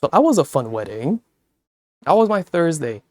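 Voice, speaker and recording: A man's voice: on the high side, very animated, moderate pace, a little mellow. A man chatting casually on a stream, telling stories with a lot of swearing and laughter. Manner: profane, laughing storyteller; talks to chat viewers.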